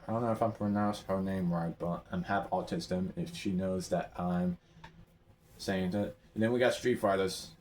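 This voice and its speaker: A man rambling through a game's item shop in casual commentary, excitable, his voice often jumping up high. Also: moderate pace, slight background noise. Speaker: gamer browsing an item shop.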